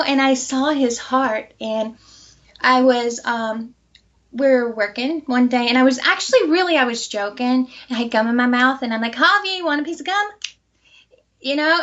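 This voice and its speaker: A woman being interviewed, telling a personal story and acting out quoted dialogue with lively energy. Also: fairly high pitch, normal speed, highs cut off. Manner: animated, acts out quoted dialogue.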